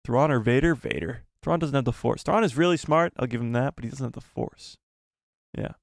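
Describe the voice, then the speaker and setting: A man's voice: mid-range voice, expressive, brisk, creaky, dry recording. A man hosting a casual live stream, reading viewer messages in a jokey, self-deprecating, rambling way into a close microphone. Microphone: close desk microphone.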